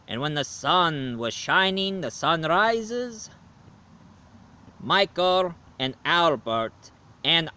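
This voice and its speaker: A man playing Dracula, a male vampire who is tired of killing, giving a slow, rambling video game review in character. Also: on the high side, bright, forceful tone, exaggerated voice. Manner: slow, rambling, self-correcting.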